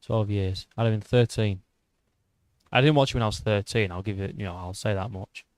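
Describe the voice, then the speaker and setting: Swearing British lad arguing on stream. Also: male voice, lowish voice, brisk, a little mellow, no room sound. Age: 20s. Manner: swears often, restarts sentences, argues with a rough edge. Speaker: YouTube MMA channel host. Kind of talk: casual livestream chat reading viewer comments.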